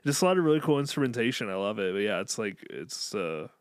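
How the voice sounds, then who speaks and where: A man's voice: fairly low pitch, sing-song, fast, smooth, dry recording, studio quality. A man from Illinois co-hosting a podcast, chatting casually and enthusiastically about an album, with lots of fillers and restarts. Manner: rambling, filler-heavy, enthusiastic. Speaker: podcast co-host. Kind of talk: casual music review chat.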